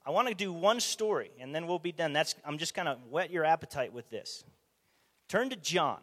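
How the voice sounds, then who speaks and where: A man preaching a conversational sermon, animated, asking the audience rhetorical questions, in a church or meeting hall. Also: on the high side, normal speed. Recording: long hall reverb.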